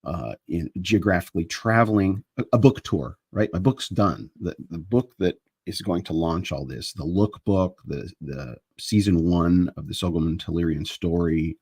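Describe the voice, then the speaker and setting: A man's voice: deep voice, normal speed, few pauses, a little mellow, breathy edge, dry recording. A man hosting a live chat stream, talking in a meandering casual monologue that often breaks off and restarts, holding a microphone he moves around. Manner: meandering, self-interrupting, restarts sentences. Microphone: handheld microphone he moves around.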